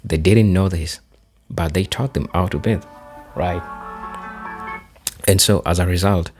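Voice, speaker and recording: Kenyan man, very deep voice, speech-style delivery. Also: unhurried, over music. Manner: oratorical, repetitive emphasis. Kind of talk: motivational address.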